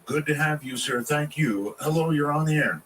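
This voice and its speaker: Brisk male talk radio host. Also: a little high, fairly bright tone, recorded from a distance, a little hiss or hum, low-quality recording. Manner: brisk, curt call screening.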